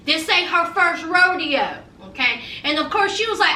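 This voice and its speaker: A woman's voice: very high voice, animated, moderate pace, sharp tone, far from the mic. A woman giving a sassy, emphatic recap of a reality show, asking "okay?" again and again. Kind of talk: casual TV recap commentary. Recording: echoey room, voice a bit off mic.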